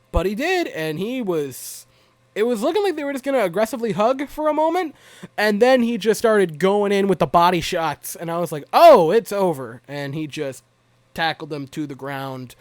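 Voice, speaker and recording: A man's voice: high voice, dry recording. A young man giving a rambling, wry, self-mocking recap of a hockey game as a fan vlogger.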